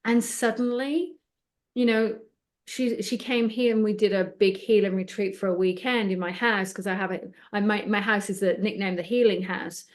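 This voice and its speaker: A middle-aged woman, a psychic medium guest in an interview, telling animated anecdotes and acting out both sides of the conversation. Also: mid-range voice, moderate pace.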